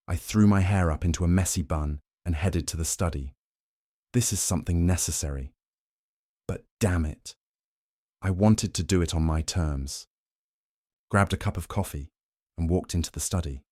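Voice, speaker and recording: A man reading a werewolf romance novel aloud, steady and even, in a very deep voice. The recording is close and dry, with no room sound. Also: no room sound. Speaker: audiobook narrator. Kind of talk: scripted first-person narration.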